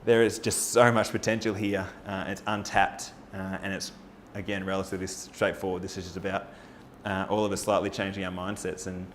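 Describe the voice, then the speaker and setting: Lowish-voiced man rallying an audience. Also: fairly quick, hardly any pauses, slight background noise. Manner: energetic, rallying, with rhetorical questions to the audience. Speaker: presenter. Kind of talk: persuasive forum presentation. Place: live talk at a farming forum.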